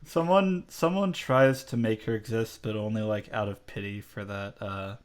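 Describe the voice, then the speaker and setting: A man's voice: fairly low pitch, moderate pace. A young man co-hosting a podcast, playful and giggly in casual chat. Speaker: podcast co-host.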